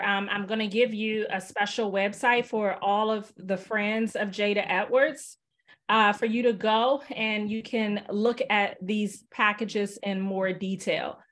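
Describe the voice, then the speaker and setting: Woman doing a laid back software demo on a video call, chatty, lots of uh and um. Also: mid-range voice. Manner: chatty, relaxed, with many fillers. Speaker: software presenter. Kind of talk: casual webinar demo.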